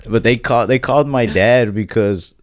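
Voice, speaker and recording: A man with a deep voice hosting a podcast, telling rambling stories in casual chat and acting out other people's voices along the way. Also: normal speed, heavy background noise. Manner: rambling storyteller, acts out voices in anecdotes. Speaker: podcast host.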